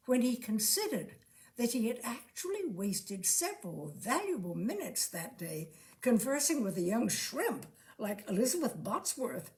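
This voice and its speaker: A woman narrating a comic story with an animated, expressive delivery. Her pitch rises and falls freely, sitting at an ordinary middle height, in a steady scripted reading. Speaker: reader of short stories.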